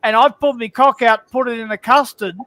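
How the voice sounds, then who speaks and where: Man, very high and sharp voice, stumbling joke-teller, dry close mic. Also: steady tone, fairly quick, no echo, rough recording. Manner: stumbling, restarts his joke. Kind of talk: casual chat, joke telling.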